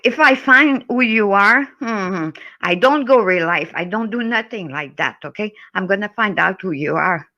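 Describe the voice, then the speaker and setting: Angry French Canadian woman, bright voice. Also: medium pitch, poor audio. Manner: heated, swearing, repeats "okay?". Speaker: guest on a live stream. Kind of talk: angry rant in a live chat.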